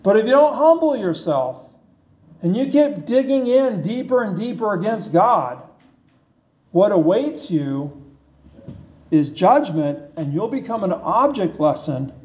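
A man delivers a sermon at an unhurried pace, his voice sitting high. He talks in a plain, conversational way and keeps putting questions to his listeners. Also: big pitch swings, darkish tone. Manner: slow, conversational preaching with rhetorical questions. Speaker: pastor.

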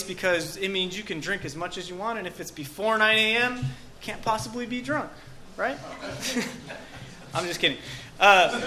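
A man's voice: high-pitched, pushed and bright, a little hiss or hum. A man preaching a sermon in a casual, joking way, often saying "okay" and "um". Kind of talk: conversational sermon.

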